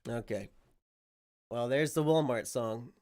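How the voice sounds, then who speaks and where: A man's voice: mid-range voice, slow, a little mellow. A man with a sick voice chatting casually on a livestream, rambling and swearing freely. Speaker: streamer.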